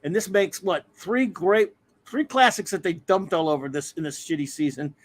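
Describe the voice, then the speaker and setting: Male co-host, high voice, angry sarcastic ranter. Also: moderate pace. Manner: angry, sarcastic, profane, exasperated. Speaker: podcast co-host. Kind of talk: casual ranting chat.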